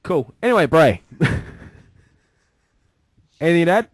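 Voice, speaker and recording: A man's voice: on the high side, big pitch swings, measured pace, dry recording, clean studio sound. A man co-hosting a casual podcast, chiming in with short reactions. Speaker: podcast co-host.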